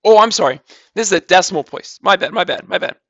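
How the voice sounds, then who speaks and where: A man's voice: sits high, fast talker, fairly bright tone, dry recording, dull audio. A man teaching a recorded math lesson, walking through calculations step by step in a casual way and repeating numbers.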